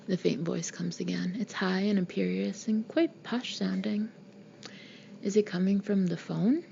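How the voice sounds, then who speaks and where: A woman's voice: mid-range voice, moderate pace, creaky, mellow, slight background noise. A woman narrating a first-person audiobook in an intimate, often half-whispered way, on a slightly dull recording.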